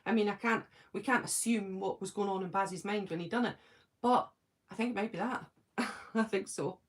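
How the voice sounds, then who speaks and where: A woman's voice: mid-range voice, moderate pace. A Scottish woman chatting casually on a live stream from her home, answering viewers' comments by name and thinking aloud. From Scotland.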